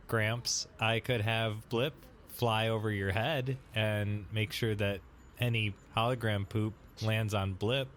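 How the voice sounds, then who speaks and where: A man's voice: lowish voice, steady tone, takes it slowly, fairly bright tone, a little hiss or hum. A man playing in a tabletop game, joking and easygoing. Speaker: player. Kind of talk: tabletop role-play.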